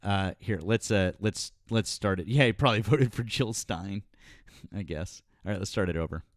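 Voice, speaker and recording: Guy hosting a politics stream, kinda low voice, swears a lot, dry close sound. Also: normal speed, dry recording. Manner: blunt, profane, rambling with fillers. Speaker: live stream host. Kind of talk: casual political chat with callers.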